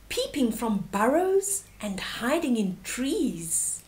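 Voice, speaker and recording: An older woman reads a rhyming picture book at bedtime, her voice pitched high and her pace slow and gentle. She lets each rhyme land before moving on. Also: very animated. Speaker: storyteller. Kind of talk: bedtime story read aloud.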